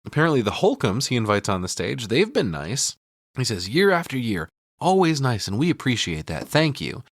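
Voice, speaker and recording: Speaking at normal speed in a mid-range voice, a podcast co-host recaps a movie with lively storytelling, swearing freely and performing the characters' dialogue. The recording is dry and studio quality.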